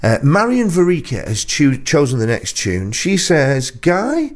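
A male radio presenter who rambles through his anecdotes and pokes fun at himself. His pitch bounces around a lot as he talks, and it sits at an ordinary middle height. The sound is close and clean, from a studio mic. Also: very animated, measured pace. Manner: rambling, self-deprecating storyteller. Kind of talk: casual radio chat.

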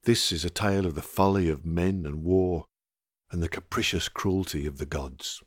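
A man narrating a scripted introduction in a measured, wry way. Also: low-pitched, slightly rough, no echo.

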